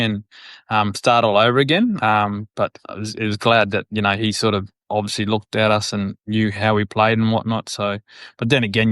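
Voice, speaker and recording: Rambling Australian man, smooth low voice. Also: a bit bright, no echo, studio quality. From Northern Territory, Australia. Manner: rambling, leans on fillers like "you know" and "whatnot"; chuckles while telling stories. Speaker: former footballer, podcast guest. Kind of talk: casual reflective chat.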